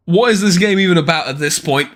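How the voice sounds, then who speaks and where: A man's voice: high-pitched, quick pace, fairly bright tone. A man streaming a live let's-play, talking in a rambling, sarcastic, stammering way. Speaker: game streamer.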